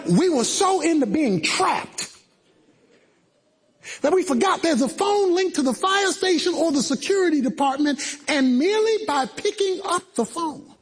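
A man preaching a sermon, telling a dramatic story with shouts and mimicked sounds. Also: very high-pitched. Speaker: pastor.

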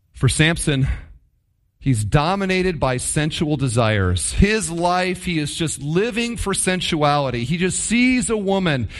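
A man preaching a sermon, stressing points by repeating phrases and asking rhetorical questions. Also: high-pitched. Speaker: pastor.

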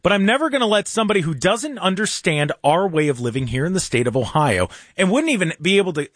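A man hosting a casual political talk radio show in a studio, animated and mocking, with jokey asides. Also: sits high, no room sound.

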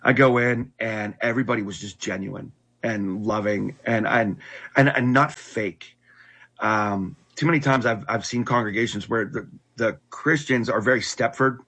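Middle-aged guy, husky voice, earnest, keeps restarting as he tells his story. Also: on the low side, fairly bright tone. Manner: earnest, halting with frequent restarts. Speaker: guest telling his testimony. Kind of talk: personal storytelling in conversation.

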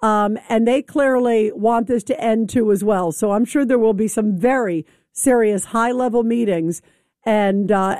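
A woman hosting a political call-in radio show, opinionated and quick to talk over her callers. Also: a little high, darkish tone, no room sound, studio quality.

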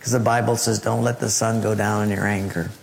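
A man voicing a remorseful young male college roommate who speaks low and sheepishly. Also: level tone, fairly quick, vocal fry, slight background noise.

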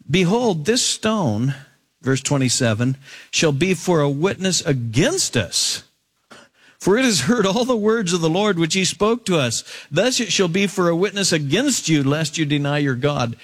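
Man preaching with wide pitch swings. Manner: expressive preaching, reading scripture aloud with asides. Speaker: pastor. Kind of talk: sermon.

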